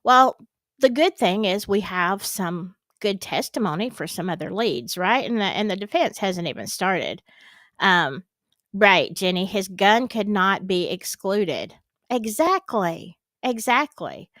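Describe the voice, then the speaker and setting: A woman's voice: mid-range voice, measured pace, no room sound. A woman giving casual, emphatic commentary on a trial, talking directly to her viewers. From American South. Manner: animated, emphatic, talks to the audience. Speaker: true crime commentator.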